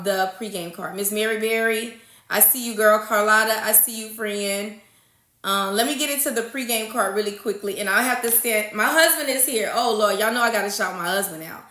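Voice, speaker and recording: Speaking in a higher, sharp-toned voice, a woman hosts a casual livestream in an echoey room. She chats with her viewers, greeting each by name and calling them honey and y'all.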